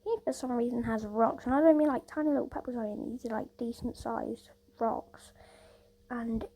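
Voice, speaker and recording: A woman's voice: on the high side, fairly quick, warm tone, slightly rough, poor audio. A woman casually telling a rambling story, peppered with "like" and "obviously".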